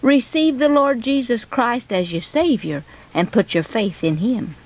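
A woman voicing an earnest, caring father who speaks quietly but firmly and preaches to his son. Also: fairly high pitch, animated, a little slow, lo-fi sound.

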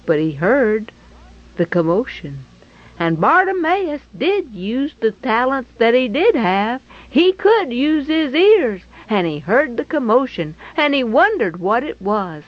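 A woman with a fairly high voice tells a Bible story slowly and expressively, swinging between soft, sad lows and excited highs. She repeats phrases for emphasis, and the recording sounds slightly dull and lo-fi.

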